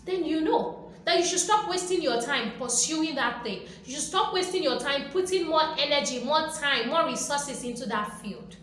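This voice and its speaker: A motivational video host speaks in a high, somewhat bright voice at a moderate pace, emphatic and repetitive, playfully acting out quotes. Her room is very echoey, with faint background noise.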